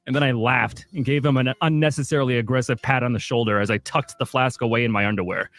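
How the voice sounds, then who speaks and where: A man co-hosting a radio show, reading a scripted comic monologue in a deadpan storytelling manner. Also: mid-range voice, quick pace, few pauses. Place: radio studio. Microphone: studio mic.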